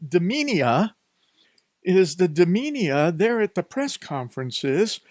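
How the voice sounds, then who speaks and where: A man's voice: high voice, very animated, takes it slowly, no room sound, clean studio sound. A man with a Northeast Ohio accent hosting a talk radio show, ranting in a sarcastic, scolding monologue.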